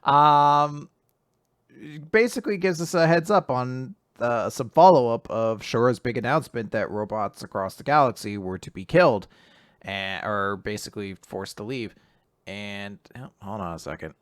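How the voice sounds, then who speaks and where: A man co-hosts a casual podcast, animatedly recapping manga chapters, acting out the characters' lines and laughing often. His medium-pitched voice is clear and resonant with lively intonation at normal speed, captured in studio quality with no room sound.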